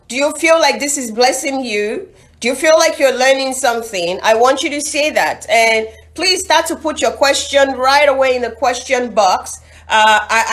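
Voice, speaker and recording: High-voiced Nigerian woman hosting a webinar. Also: a bit bright. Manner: encouraging, motivational. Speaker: webinar host. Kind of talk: live online webinar talk.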